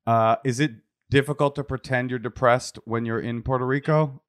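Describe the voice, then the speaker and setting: A podcast co-host with a mid-range voice speaks at a moderate pace with fairly even intonation. He chats casually in a wry, joking way, keeping the conversation comedic.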